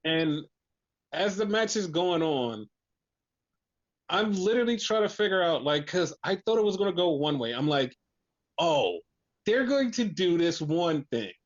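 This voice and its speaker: A wrestling podcast co-host speaks in a fairly high voice, unhurried and pausing often, yet still animated and casual. He swears freely and acts out what others said, and the podcast audio is dull and lo-fi.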